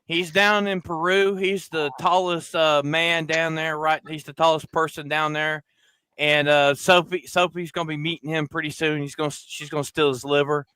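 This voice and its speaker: A man hosting a podcast, telling a crude story loudly and acting out the other people in it. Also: on the high side, moderate pace, clean tone, no room sound. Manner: loud, crude, animated storyteller, acting out quoted voices. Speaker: podcast host. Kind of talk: casual storytelling chat.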